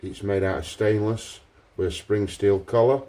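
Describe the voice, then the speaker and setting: A man, a pipe maker talking through his workshop repair in a relaxed, thinking-aloud way. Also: fairly low pitch, normal speed. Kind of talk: workshop vlog.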